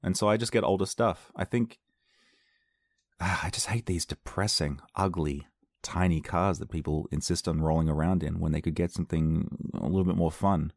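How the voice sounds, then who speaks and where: A man's voice: sits low, normal speed, darkish tone, no room sound. A man chatting casually to his viewers, rambling through a story, repeating words and laughing easily. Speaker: vlogger.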